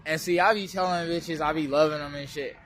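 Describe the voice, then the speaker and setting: A man's voice: a little high, steady tone, fairly quick, a bit bright, a little hiss or hum. A man from West Oakland vlogging outdoors, rambling loosely with profane street slang. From West Oakland, California. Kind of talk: rambling casual monologue.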